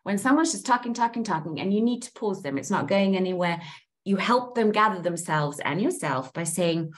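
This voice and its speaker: A woman leads a group session on how to listen. Her pitch swings widely as she acts out sample phrases. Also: a little fast. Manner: animated, acts out example phrases. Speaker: coach.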